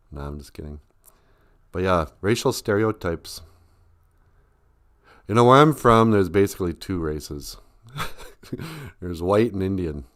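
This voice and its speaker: A man with a fairly low voice hosts a casual live stream and jokes around as he talks. His delivery is rambling and self-deprecating, and laughter comes up often. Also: lively intonation, takes it slowly, pauses often. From Ojibwe community. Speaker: comedian and live stream host.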